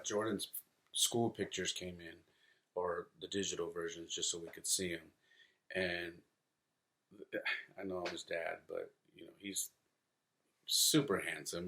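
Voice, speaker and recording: A man in his thirties hosts a casual solo podcast, rambling through stories with fillers and restarts and acting out what his sons said. His low voice comes across bright and forceful.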